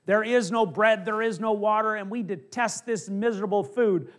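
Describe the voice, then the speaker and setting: A middle-aged male pastor preaching a conversational sermon, acting out little asides and dropping from emphatic to hushed. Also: high-pitched, steady tone, normal speed.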